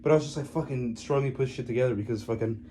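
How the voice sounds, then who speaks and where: A man's voice: medium pitch, steady tone, racing, warm tone. Guy rambling thru a story, swears a ton, laughs a lot, mumbles off at the ends, faint noise behind. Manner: rambling, profane, frequent laughter, trailing off into mumbles. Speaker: vlogger. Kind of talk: casual storytelling.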